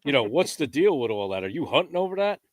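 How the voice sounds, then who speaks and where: A man hosting a podcast, teasing his guest and telling a story in a relaxed, joking way. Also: on the high side, fast, no echo, clean studio sound. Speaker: podcast host. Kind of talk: joking casual chat and anecdote.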